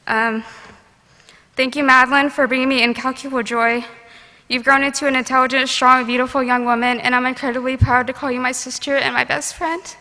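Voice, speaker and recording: A teenage girl delivers a heartfelt prepared graduation speech, her voice bright and slightly high. She speaks at a podium microphone. The sound rings with the long reverb of a large ceremony hall. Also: level tone, fast. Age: late teens.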